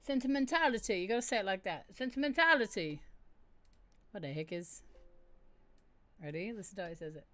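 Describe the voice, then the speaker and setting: A woman's voice: mid-range voice, lively intonation, fairly quick, pauses often, bright, forceful tone. A middle-aged woman, livestreaming as a writer, chatting casually and reading her own piece aloud. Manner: chatty, talks to herself while setting up the stream.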